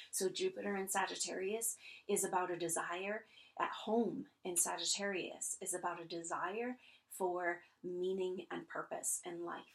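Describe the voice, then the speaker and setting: A woman with a slightly low voice talks through an astrology forecast. She speaks earnestly and at an unhurried pace, now and then pausing on fillers and restarting her sentences. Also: low-quality recording.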